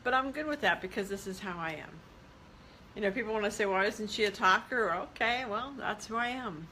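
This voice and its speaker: A woman self-help vlogger speaks casually and candidly to her audience, mixing blunt asides with encouragement. Her voice sits mid-range and sounds bright and forceful. There is a faint hiss behind her. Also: medium pitch, expressive, brisk, rough recording. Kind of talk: casual motivational talk to camera.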